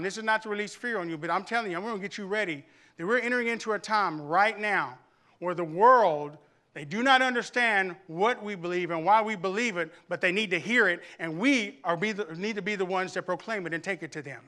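A man delivers a sermon in a high, bright voice, pressing his congregation with repeated calls to listen. He builds from quiet coaxing to urgent exhortation, with a faint lilt. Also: brisk. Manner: preaching with rising intensity and repetition; tells humorous family anecdotes to the congregation. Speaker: pastor.

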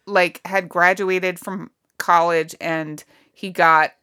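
A woman's voice: on the low side, fairly even intonation, slow, sharp tone, clear, resonant tone. A woman co-hosting a podcast, chatting casually about a sitcom and adding short agreeing remarks. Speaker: podcast co-host. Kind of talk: casual chat recapping a sitcom.

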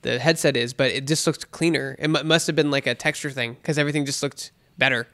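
A man co-hosting a casual chat, excitable and rambling, restarting his sentences often. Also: medium pitch, quick pace. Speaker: podcast co-host.

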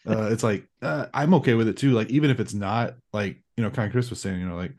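Very low-pitched man, rambling podcast guest, hesitant, many restarts. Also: fast, a little mellow. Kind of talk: casual movie discussion.

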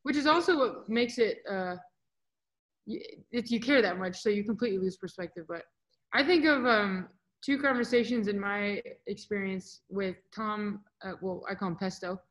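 A woman's voice: mid-range voice, moderate pace, rough recording. Chatty young woman telling stories. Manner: animated, chatty, acts out quotes. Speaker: volleyball player guest. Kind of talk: casual interview storytelling.

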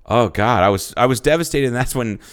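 A man's voice: mid-range voice, expressive, fairly quick. A man in his thirties, a podcast co-host, telling rambling stories in casual chat, swearing freely and acting out quotes. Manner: loose storytelling, swears freely, acts out quotes.

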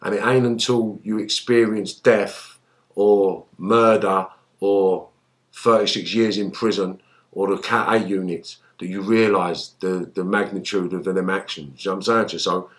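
A middle-aged man, a former gangster telling stories in an interview and swearing a lot. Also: lowish voice. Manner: animated storytelling, acts out voices loudly, swears. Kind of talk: storytelling interview.

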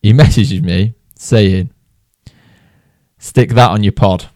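A man's voice: lowish voice, steady tone, takes it slowly, darkish tone, no room sound, clean studio sound. A man from England, co-hosting a golf podcast, telling a story in casual chat and laughing often as he goes. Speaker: podcast co-host.

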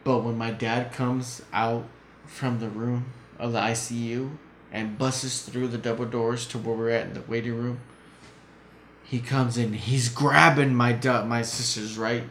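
A man's voice: medium pitch, flat delivery, measured pace, a bit bright. A man telling a story in casual chat as a podcast guest, blunt and heated, swearing often. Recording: echoey room, faint noise.

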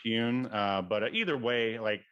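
A man co-hosting a casual film podcast, talking in a relaxed, hesitant way with many fillers. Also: lowish voice, a little slow, dull audio. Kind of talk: casual chat.

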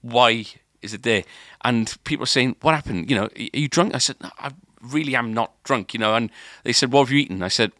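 Bright-voiced man rambling through a story. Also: medium pitch, brisk, hardly any pauses, dry recording, studio quality. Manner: rambling, lots of filler and restarts. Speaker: podcast co-host. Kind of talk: casual storytelling.

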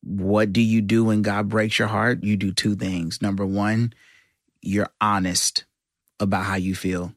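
A man speaks in an earnest, thoughtful way, plain and unhurried in his reflection. His voice sits on the low side. The recording is dry and close, with no room sound. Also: flat delivery, no echo. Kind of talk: reflective talk.

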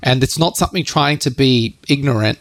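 A man co-hosting a podcast, explaining things in casual chat with quick asides. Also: medium pitch, fairly bright tone, no echo. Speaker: podcast co-host.

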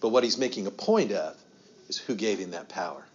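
A man's voice: on the low side, lively intonation, brisk, muffled recording. A man teaching a Bible study as a pastor, asking the group questions and acting out quoted lines with rising emphasis.

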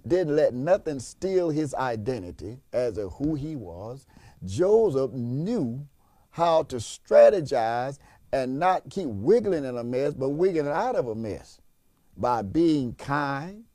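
Emphatic male preacher, mellow voice. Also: medium pitch, no room sound, studio quality. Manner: emphatic, repetitive, rhetorical questions. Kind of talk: sermon.

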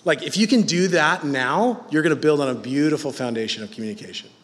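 A man's voice: fairly high pitch, quick pace, big-room sound. A man in his thirties preaching in a humorous, self-mocking, conversational way. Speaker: pastor. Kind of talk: sermon.

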